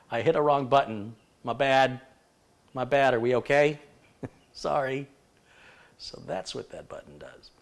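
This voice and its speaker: A man chatting through his livestream in a relaxed, joking way, greeting viewers one by one. His voice sits at an ordinary middle pitch and his talk wanders loosely between shout-outs and asides. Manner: jokey, rambling, reads out viewer greetings. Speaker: livestream host. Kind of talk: casual livestream chat.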